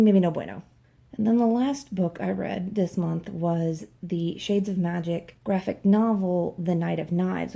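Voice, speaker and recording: A woman's voice: lowish voice, gravelly, warm tone. A woman doing a casual book wrap-up vlog, chatty and candid. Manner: chatty, candid, occasional swearing. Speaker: book vlogger.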